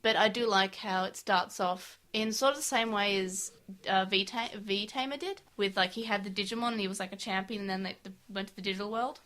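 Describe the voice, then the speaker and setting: Chatty bright-voiced young woman. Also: medium pitch, a little fast. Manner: chatty and upbeat, with many fillers. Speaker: podcast co-host. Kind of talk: casual chat.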